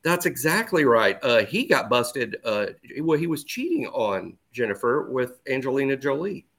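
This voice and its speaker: A man co-hosting a sports podcast in casual chat, talking haltingly and often repeating his words. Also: medium pitch, big pitch swings, gravelly, fairly bright tone.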